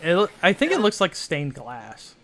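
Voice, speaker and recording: A man with a bright, slightly high voice runs a tabletop game. He narrates in a loose, rambling way, circling back with "kind of" and "uh" between restarts. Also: wildly swooping pitch, normal speed. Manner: rambling, filler-heavy, with many restarts. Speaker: game master.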